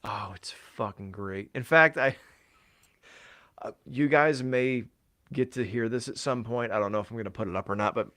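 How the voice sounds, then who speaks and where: A man's voice: medium pitch, normal speed, a bit bright. A man co-hosting a casual podcast, rambling and swearing freely with lots of fillers, his voice tired from talking all day. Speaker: podcast co-host.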